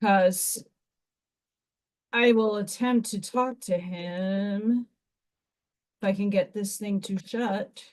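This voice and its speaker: A woman's voice: medium pitch, steady tone, slow, long pauses. Chatty woman rambling while crafting. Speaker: livestream host. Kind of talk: casual live craft chat. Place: home craft room.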